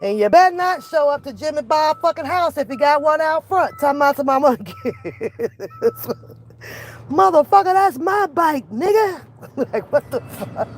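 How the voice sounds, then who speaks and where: A woman vlogger chatting casually, telling loud, profane, laughing stories. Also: high voice. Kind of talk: casual chat.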